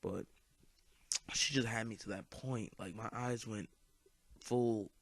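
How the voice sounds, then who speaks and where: A teenage boy with a deep, low voice tells a personal story over gameplay, rambling along with plenty of fillers and casual swearing. The sound is dry and close, with no room around it. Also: steady tone, slow pace, no echo. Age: teens. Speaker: YouTube commentator.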